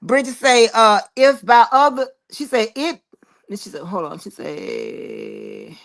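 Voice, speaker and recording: A woman's voice: on the high side, very animated, slow pace, gravelly. A woman hosting a casual livestream, reading viewer comments aloud and answering them in a chatty, drawling way. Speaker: livestream host reading chat. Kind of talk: casual live chat.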